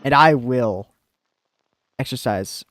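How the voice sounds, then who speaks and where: A man's voice: mid-range voice, slow, a bit bright, faint music behind. A young American man streaming a game, chatting casually and rambling with lots of fillers and restarts. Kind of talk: casual chat while gaming.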